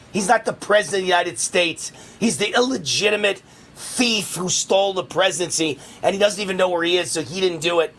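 A man hosting a political talk radio show, delivering a rapid, heated ranting monologue. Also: high voice, a bit bright.

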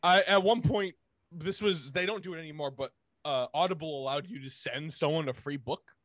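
A man with a notably high-pitched voice bantering on a podcast and laughing often. He jokes and teases loosely. The recording is dry and close, with no room echo. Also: normal speed, fairly bright tone. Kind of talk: casual chat.

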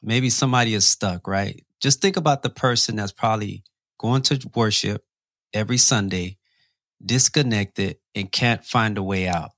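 A man's voice: fairly low pitch, moderate pace, a bit bright, no echo, studio quality. A man hosting a faith interview, asking earnest questions with preacher-like asides and some repeated starts. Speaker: host.

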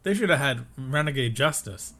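A man's voice: medium pitch, expressive, moderate pace, sharp tone. A man co-hosting a podcast, recapping a TV episode in casual chat with wry, joking asides. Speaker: podcast co-host.

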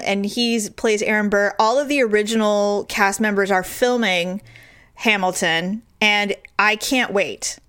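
A middle-aged woman chatting on a podcast, telling a lively story and jumping high when she quotes people. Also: smooth. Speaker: podcast co-host. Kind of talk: casual chat.

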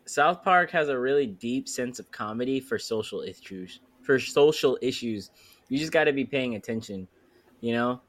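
Animated New York podcast guy. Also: mid-range voice, normal speed. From Queens, New York. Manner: animated, swearing, lively storytelling. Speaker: podcast co-host. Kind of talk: casual chat.

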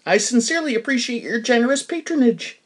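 A man hosting his own podcast, telling a funny everyday story with wry, deadpan humor and playful bursts. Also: extremely high pitch, fast. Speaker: podcast host. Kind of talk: comic storytelling monologue.

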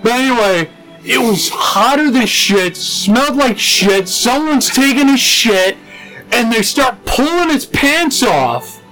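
A young man telling stories in a casual podcast chat, animated and swearing a lot. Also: extremely high pitch, poor audio. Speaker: podcast co-host.

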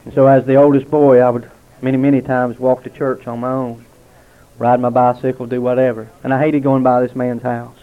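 A man giving a heartfelt spoken testimony to a gathering at a restaurant, telling stories with dramatic pauses. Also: mid-range voice, level tone. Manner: earnest, storytelling with dramatic pauses. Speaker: lay speaker giving testimony. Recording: tinny, narrow-band lo-fi recording.

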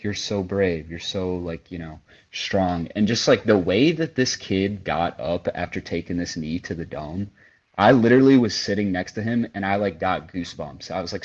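A young podcast co-host with a low, breathy voice casually tells a long story, speaking a little fast and leaning heavily on "like" and "you know." The recording sounds muffled.

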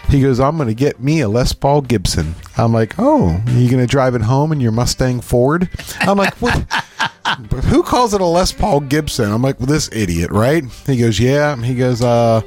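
A middle-aged man from Pennsylvania, co-hosting a podcast and telling stories in casual chat, acting out quotes with lively animation. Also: medium pitch, moderate pace, soft background music. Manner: animated storyteller, acts out quotes. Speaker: podcast co-host.

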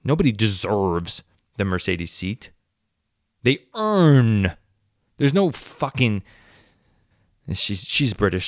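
A man's voice: low-pitched, no echo, clean studio sound. A man hosting a solo podcast, ranting sarcastically with plenty of swearing. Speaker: podcast host.

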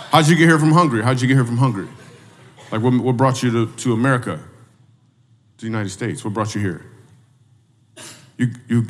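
Teasing stand-up comic in an echoey hall. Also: male voice, medium pitch. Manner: teasing, repeats questions to the crowd. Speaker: stand-up comedian. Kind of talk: crowd work stand-up. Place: stage in a church hall. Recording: reverberant hall from a distance.

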